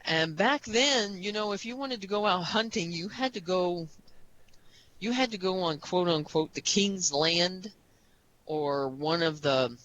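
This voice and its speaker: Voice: medium pitch, measured pace, a bit bright, highs cut off, a little hiss or hum. A podcast co-host talking casually about history, rambling with many restarts and "you know"s.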